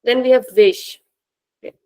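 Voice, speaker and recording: A woman teaching a language class, speaking slowly and patiently and repeating words for her students. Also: on the high side, fairly even intonation, dark tone, rough recording.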